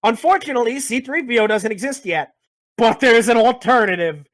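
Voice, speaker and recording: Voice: medium pitch, animated, a little fast, no echo. A speaker casually recapping a video game's story, rambling, joking and swearing a lot. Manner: profane, rambling, jokey. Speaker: podcast host.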